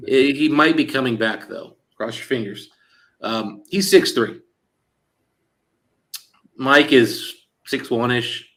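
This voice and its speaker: A man hosting a casual chat show, telling an anecdote and quoting others in lively back-and-forth with lots of "like" and "he goes". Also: medium pitch, slow, pauses often. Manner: animated storyteller quoting others in dialogue; frequent fillers like "like" and "he goes". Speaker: show host.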